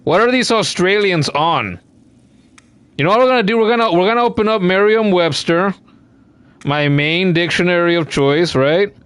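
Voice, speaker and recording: A man's voice: sits high, moderate pace, a bit bright, smooth, dry recording. A young man commenting on his own gameplay, swearing freely and ranting in exasperation. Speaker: let's play host.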